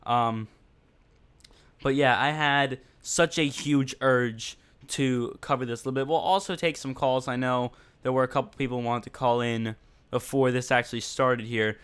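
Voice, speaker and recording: Speaking at normal speed with fairly even intonation, this host's smooth, clear voice is medium-pitched and a bit bright. On his casual livestream podcast he rambles with many fillers and addresses viewers directly in a blunt, mocking tone.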